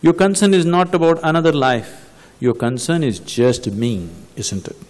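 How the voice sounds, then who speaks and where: A man's voice: on the high side, moderate pace, a little mellow. Indian guru guy preaching, lots of rhetorical questions, long echo like a big hall. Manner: storytelling, probing rhetorical questions. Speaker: spiritual teacher. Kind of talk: spiritual talk answering audience questions.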